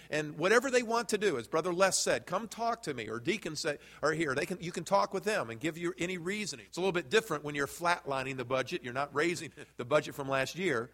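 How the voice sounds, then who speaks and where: A man with a high-pitched voice preaches a sermon from the pulpit, speaking straight to his congregation and asking them questions. His voice rings with a long reverb through the church sanctuary. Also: a bit bright. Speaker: pastor.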